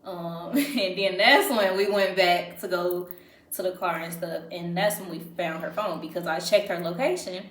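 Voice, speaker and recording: A woman's voice: fairly low pitch, normal speed, a bit bright. A young woman friend joining a casual storytime chat, chiming in and laughing. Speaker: guest friend. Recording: echoey room.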